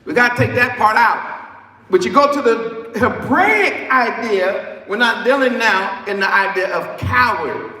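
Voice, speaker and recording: A man preaching a sermon in an emphatic, repetitive way that rises to shouts. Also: sits high. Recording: echoey hall, far from the mic.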